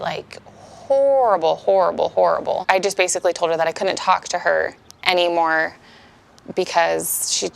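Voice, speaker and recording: A woman's voice: fairly low pitch, normal speed, creaky. A woman in her thirties giving a candid, emotional personal testimony as a speaker at a support meeting.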